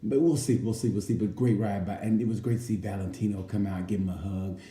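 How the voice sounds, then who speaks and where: A man's voice: on the low side, fairly even intonation, quick pace, dark tone. A man in casual chat about a motorcycle race, rambling and jokey, sometimes slipping into playful impressions. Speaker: racing commentator. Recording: roomy with faint background noise.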